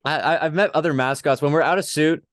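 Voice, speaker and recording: A man hosting a casual interview, laid-back and quick to laugh. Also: fairly high pitch, no room sound, studio quality. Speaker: podcast host.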